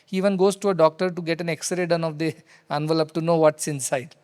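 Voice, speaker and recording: A man's voice: a little high, a little fast, few pauses. Man teaching in a reverberant hall. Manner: animated storyteller who repeats key phrases. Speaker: spiritual teacher. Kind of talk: storytelling discourse. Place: hall with devotees.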